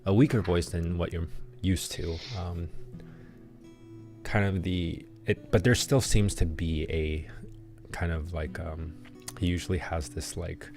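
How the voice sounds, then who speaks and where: A man narrating a tabletop game as game master, in a halting way with many pauses and restarts. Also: sits low, fairly even intonation, a little mellow, faint music behind.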